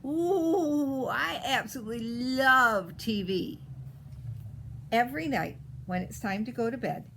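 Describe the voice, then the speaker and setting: A woman voicing a precocious, spoiled little girl as she reads a storybook in character, with a pert, drawn-out way of stressing words. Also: fairly high pitch, expressive, gravelly, slight background noise, low-quality recording.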